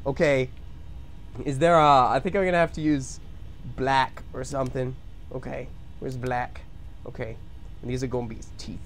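A young man live-streaming while he draws, joking about his work and breaking into excited shouts. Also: mid-range voice, moderate pace. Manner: excitable, bursts into shouts and laughs; joking self-commentary. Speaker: livestreamer. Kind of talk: live-streamed drawing chat.

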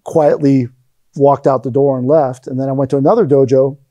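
The interview is casual, and the guest, a middle-aged aikido teacher, tells rambling anecdotes while performing the lines he quotes. His mid-range voice is warm and steady, a little fast, on dull audio with no echo.

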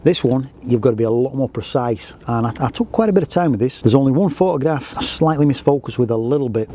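A man's voice: mid-range voice, warm tone, a little hiss or hum. A man who works as a photographer, talking in a casual, enthusiastic vlog and often restarting his sentences. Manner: chatty and enthusiastic, with frequent restarts.

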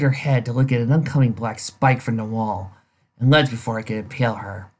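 A man reading his own fan fiction story aloud as narrator, in an expressive, animated way. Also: mid-range voice, fairly quick. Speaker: fan fiction author and reader.

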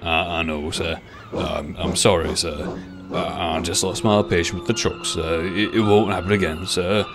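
A man voicing a proud, quick-tempered male diesel engine in a storybook tale. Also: low-pitched, fairly even intonation. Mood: ashamed. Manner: stammering when apologising. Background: background music.

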